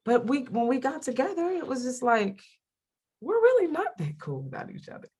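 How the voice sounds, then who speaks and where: Husky, lively woman telling faith stories. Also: high-pitched, moderate pace. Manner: animated storyteller who acts out quoted voices. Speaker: guest, radio host and comedian. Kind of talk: candid faith interview chat.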